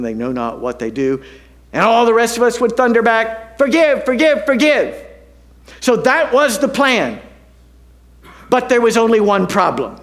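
A pastor with a very high-pitched voice tells a story during a sermon to his congregation. He's animated and pokes fun at himself, swinging between loud and hushed.

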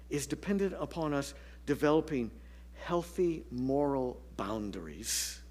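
A pastor delivers a dynamic sermon built around storytelling, sinking to a whisper when he wants emphasis. He speaks at a medium pitch with a darkish tone.

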